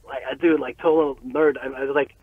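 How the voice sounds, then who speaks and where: A man from Montreal, a rapper and chef, excitedly telling stories as an interview guest, swearing and laughing often. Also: mid-range voice, fairly quick, husky, no room sound. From Montreal, Canada. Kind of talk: casual storytelling. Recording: tinny dry phone-like line.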